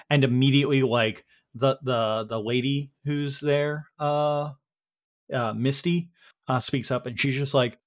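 A man narrating a tabletop game as game master, rambling and halting, with frequent fillers and restarts. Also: medium pitch, steady tone.

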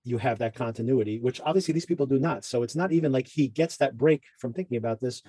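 Male podcast host, chatty recapper; warm, slightly husky, dry close mic. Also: medium pitch, fast, dry recording. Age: adult parent. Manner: chatty, rambling with fillers and asides. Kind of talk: casual TV recap chat.

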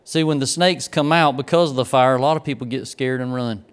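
A man's voice: mid-range voice, brisk, clean tone. A man preaching a sermon, telling a folksy personal story before turning to the lesson. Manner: folksy storyteller, grows excited and laughing in the funny parts.

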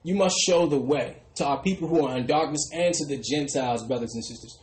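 A man preaching a sermon who often trails off into a soft "brothers and sisters". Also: a little high, fairly quick, echoey room, low-quality recording. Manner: ends phrases with a dropping, quiet "brothers and sisters". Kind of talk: street sermon.

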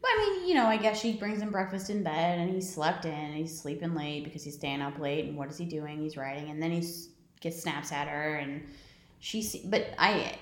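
A woman's voice: low voice, lively intonation, fairly quick. A woman co-hosting a podcast, chatting casually and rambling about movies, swearing now and then. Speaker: podcast co-host. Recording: roomy echo.

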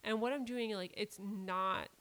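A woman's voice: medium pitch, steady tone, measured pace, fairly bright tone. Young woman in her twenties, chatty and self-mocking, casual chat with dramatic quotes. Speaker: law graduate.

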